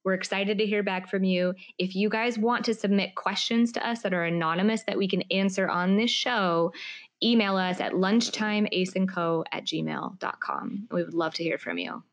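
A woman in her thirties co-hosting a podcast, telling stories in lively casual chat and laughing often. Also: mid-range voice, moderate pace. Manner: animated storytelling, laughs often. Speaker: podcast co-host.

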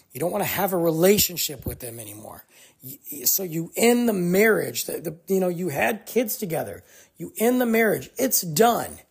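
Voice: medium pitch, vocal fry, slightly rough. A podcast host giving a casual commentary monologue, speaking emphatically and acting out quoted dialogue.

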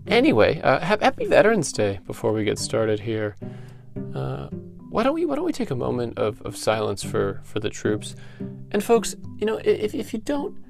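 Guy hosting a podcast, gravelly voice, stumbles and repeats words a lot, faint guitar behind him. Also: medium pitch. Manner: rambling, stammering, repeats words. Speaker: podcast host. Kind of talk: comedic podcast monologue.

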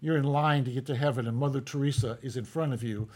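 A man's voice: medium pitch, fairly even intonation, quick pace, a little mellow. A man co-hosting a podcast, telling jokes in a folksy, easygoing way and chuckling between them. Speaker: podcast co-host. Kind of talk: casual joke telling.

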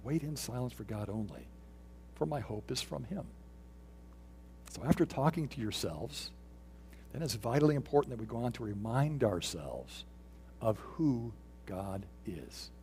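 A man's voice: medium pitch, lively intonation, a little slow, pauses often, a little mellow, slight background noise. A middle-aged man preaching an earnest sermon as pastor, reading scripture and quotations aloud.

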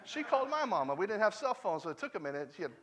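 A man in his thirties or forties, preaching as a guest, speaks rapid-fire in a voice that sits high and sounds very animated. The sermon is conversational and anecdotal, with phrases repeated for emphasis and swings from loud declarations to hushed stretches.

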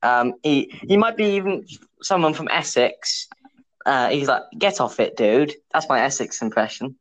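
A man's voice: medium pitch, animated, moderate pace, fairly bright tone, rough recording. A young man, co-hosting a casual podcast chat, joking and hesitant, full of fillers and restarts. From England. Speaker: podcast co-host.

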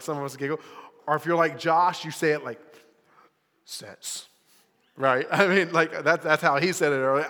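A man's voice: fairly high pitch, pushed and bright. A young man preaching a casual, conversational sermon to youth in church, with lots of filler words. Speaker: youth pastor. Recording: live recording with long hall reverb.

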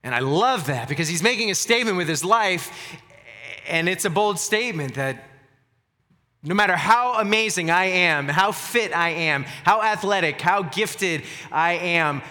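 A male pastor preaching in an earnest, emphatic way, often repeating words to stress a point. His voice is bright and fairly high for a man. A long reverb hangs around it, as in a church sanctuary. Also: lively intonation, normal speed. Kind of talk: sermon.

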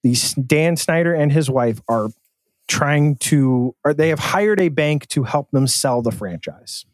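A man's voice: on the high side, lively intonation, a little slow, no room sound. A man co-hosting a sports podcast, chatting casually with jokes and profane banter. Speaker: podcast co-host.

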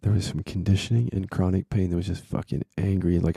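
Gravelly low-voiced man teacher. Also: steady tone, fast talker, hardly any pauses, dark tone, no room sound, studio quality. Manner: candid and profane, reflective. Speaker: spiritual teacher. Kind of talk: personal storytelling monologue.

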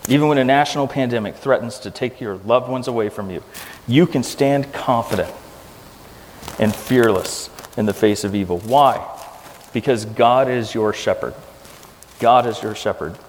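A man's voice: medium pitch, normal speed, a little hiss or hum. A man preaching a sermon as pastor, earnest and emphatic, often repeating key phrases for weight. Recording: long hall reverb.

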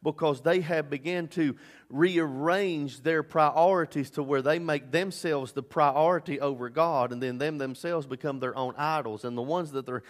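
A man preaching a sermon as pastor, swinging between loud emphatic bursts and low asides. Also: moderate pace. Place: church sanctuary. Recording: long hall reverb.

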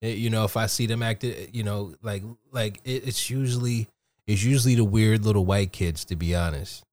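Joking dad trading stories on a podcast. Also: male voice, on the low side, moderate pace, darkish tone, no echo. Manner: loose, joking, profane storytelling. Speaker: podcast co-host, father. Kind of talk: casual podcast chat.

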